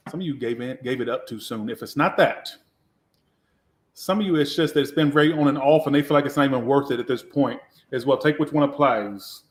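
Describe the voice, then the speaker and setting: The speaker is a tarot reader doing a casual live session, his medium-pitched voice moving a little fast. He's blunt and cheeky with heavy profanity, recorded in a room with echo.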